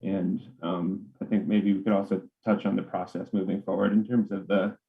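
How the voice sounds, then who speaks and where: A man presenting a bylaw proposal at a town council meeting, halting, with many fillers and restarts. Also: low voice, little pitch movement, gravelly. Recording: tinny phone-like meeting audio.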